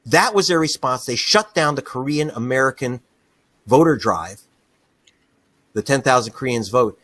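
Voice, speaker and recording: Animated, indignant man being interviewed. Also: mid-range voice, normal speed. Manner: passionate, indignant, laughs often. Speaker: investigative journalist, guest.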